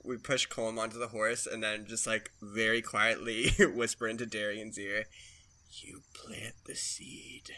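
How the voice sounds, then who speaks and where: A man's voice: lowish voice, little pitch movement, moderate pace, hardly any pauses, bright, forceful tone. A young man playing in a tabletop game, playful and giggly. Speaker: player. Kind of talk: casual tabletop play.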